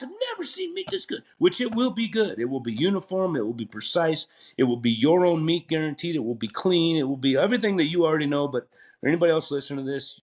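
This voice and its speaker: A man, talking at an ordinary pitch. He rambles through long stories, full of fillers and restarts. It sounds like a relaxed podcast chat. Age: 50s. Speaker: guest, retired butcher. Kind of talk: casual storytelling in a podcast interview.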